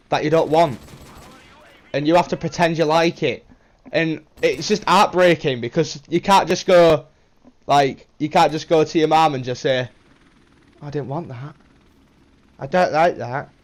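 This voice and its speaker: A man's voice: fairly high pitch, moderate pace. A young man with a British accent rambling casually through a vlog, repeating himself and swearing now and then. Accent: British English. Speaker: vlogger.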